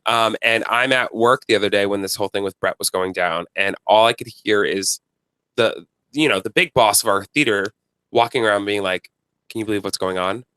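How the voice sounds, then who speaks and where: A man co-hosting a podcast, chatting in an animated, playful way. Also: fairly low pitch, normal speed, clear, resonant tone, dry recording. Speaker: podcast co-host. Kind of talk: casual chat.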